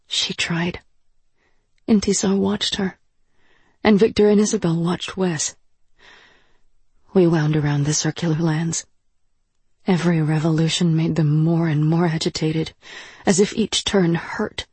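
A narrator reading a first-person story aloud in an even, measured way, close on the mic. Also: medium pitch, slightly rough, no room sound. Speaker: audiobook narrator.

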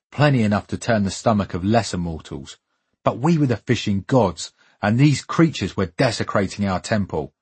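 A man narrates a first-person memoir in a fairly low, husky voice. His reading is wry and vivid, with a dramatic sense of pacing. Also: darkish tone. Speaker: storyteller.

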